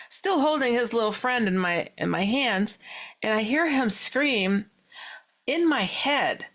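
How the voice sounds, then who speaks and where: A woman, a guest on a podcast, telling a personal story in an animated way, laughing often and acting out her own past words with sudden jumps in pitch. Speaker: guest, paranormal author.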